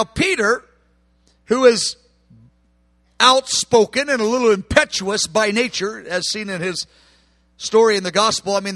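A man preaching a sermon with passion, acting out quoted voices and swinging from hushed tones to shouts. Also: sits high, dry recording.

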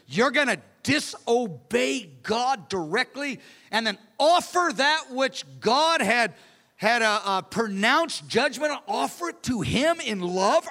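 A man preaching a sermon in an animated, conversational way, acting out the characters between his asides. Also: sits high. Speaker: pastor. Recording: long hall reverb.

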